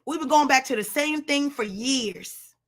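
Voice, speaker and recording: A woman's voice: sits high, unhurried, fairly bright tone. A woman giving a blunt, preachy motivational talk on a live stream, speaking straight to her listeners as sis and y'all.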